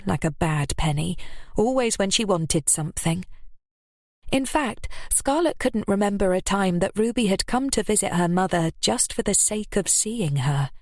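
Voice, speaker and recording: A woman narrating an audiobook in a steady, measured manner. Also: on the low side, no echo, studio quality.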